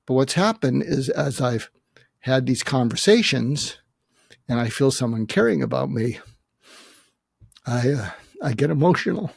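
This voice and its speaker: Man in his seventies, gravelly, emotional, earnest, halting, reflective interview talk. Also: mid-range voice, expressive, no echo, clean studio sound. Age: 70s. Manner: earnest, halting, many restarts and fillers. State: emotional, facing his own death. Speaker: guest, psychiatrist.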